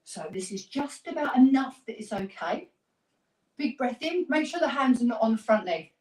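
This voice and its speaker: A woman's voice: a little high, animated, normal speed, darkish tone, reverberant, distant mic, low-quality recording. Upbeat woman coaching a workout class. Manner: encouraging, upbeat coaching with counting and cues. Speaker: fitness instructor. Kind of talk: live workout class instruction.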